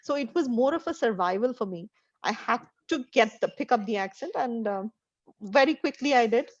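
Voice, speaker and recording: A woman in her forties from India, an English tutor whose Indian English carries American-trained tones, talking in a chatty, expressive way with frequent laughs. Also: on the high side, normal speed, no echo. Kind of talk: casual online conversation practice. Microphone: video call. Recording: dry lo-fi video call audio.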